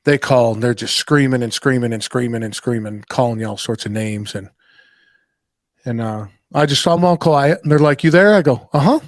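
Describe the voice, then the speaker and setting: A man's voice: mid-range voice, normal speed, no echo, clean studio sound. A man hosting a casual podcast chat, telling anecdotes and acting out what customers said in different voices, and swearing casually. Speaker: podcast host.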